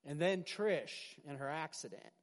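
Male pastor, high voice, animated sermon, loud bursts and hushed asides, long reverb of a big hall. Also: measured pace. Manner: animated preaching, swinging from loud emphasis to quiet asides, with stammered restarts. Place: large hall with a congregation.

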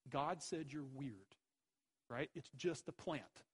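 A man's voice: fairly high pitch, slow pace, husky, rough recording. A man preaching a sermon, emphatic, with rhetorical questions and repeated phrases. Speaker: pastor.

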